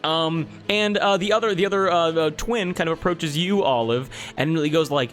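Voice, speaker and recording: A man's voice: fairly high pitch, moderate pace, fairly bright tone, faint music behind. A man running a tabletop game as game master, narrating with many hesitations and restarts.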